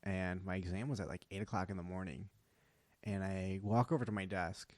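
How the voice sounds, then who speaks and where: A man's voice: deep voice, a little fast, dry recording. A young man in his twenties, a comedian guest chatting casually on a podcast recorded in a house, telling stories with lots of laughter and "like" fillers. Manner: animated storyteller, laughs often, heavy "like" fillers.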